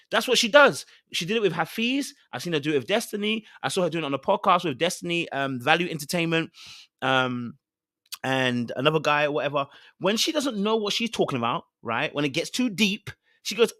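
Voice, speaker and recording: Animated man. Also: a little high, brisk, dry recording, studio quality. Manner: blunt, animated, repeats points for emphasis. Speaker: reaction channel host. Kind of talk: casual reaction commentary.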